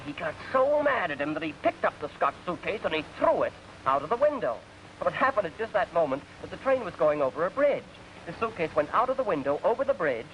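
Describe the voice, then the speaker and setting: A young Englishman, polite and self-deprecating, chats and tells jokes with a lively, fairly high voice. The sound is dull and lo-fi, with light hiss from an old radio broadcast. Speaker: guest performer. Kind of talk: scripted 1940s radio comedy banter.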